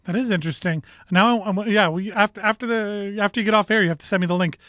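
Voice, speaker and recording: A man's voice: sits high, quick pace, fairly bright tone, dry recording. A man with a Canadian accent co-hosting a sports show, talking casually and rambling with restarts and strong opinions.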